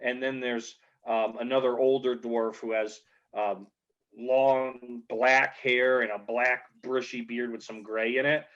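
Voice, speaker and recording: Relaxed, halting male game master. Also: mid-range voice. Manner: relaxed, halting narration with many fillers. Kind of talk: narrating a tabletop game. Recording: dull lo-fi audio.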